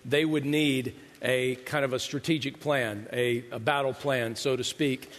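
A man's voice: mid-range voice, fairly even intonation, unhurried, fairly bright tone. A middle-aged man, the pastor, giving a sermon in a large church hall, telling conversational stories with self-deprecating humor. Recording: long reverb of a large hall.

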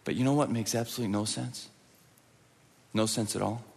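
A man preaching a sermon, swinging between forceful, loud peaks and hushed, quiet passages. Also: lowish voice, fairly even intonation, fairly quick, vocal fry, breathy edge. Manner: dynamic, swings from loud intense peaks to hushed near-whispers. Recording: long hall reverb.

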